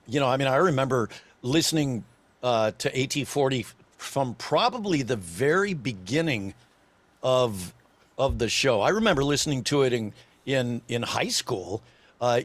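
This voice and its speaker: A man in his sixties, a voice actor and former radio DJ, telling a story as a podcast guest in an animated way, chuckling and slipping into other voices. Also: mid-range voice, dry recording. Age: 60s.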